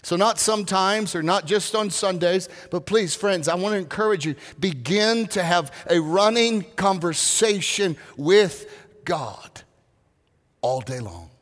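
A man with a notably high voice preaches to his congregation, loose and conversational, often restarting his phrases and slipping in humorous asides. His words ring out with a long reverb, as if he is in a large church sanctuary. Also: expressive, a little slow, a bit bright. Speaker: pastor. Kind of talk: sermon.

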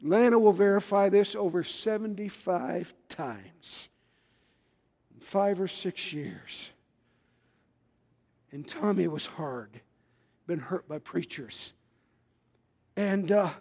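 Male preacher, high-pitched, folksy and shouting, in a reverberant church hall. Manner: folksy, rises to shouting, calls for amens. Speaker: pastor. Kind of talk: sermon. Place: church sanctuary.

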